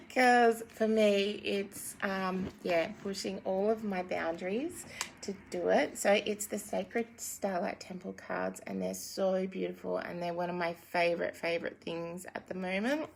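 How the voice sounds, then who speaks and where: This woman in her thirties, a spiritual guide and card reader, speaks gently in a mid-range, steady, creaky voice at a slightly slow pace. She rambles and giggles through casual chat full of fillers, then moves into a guided meditation, with slight background noise present.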